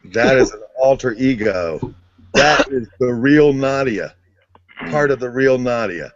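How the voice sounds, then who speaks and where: A man's voice: medium pitch, lively intonation, a little slow, no room sound. A man in a casual chat, trading blunt, crude jokes. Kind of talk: casual joke-telling chat. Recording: dry, slightly dull audio.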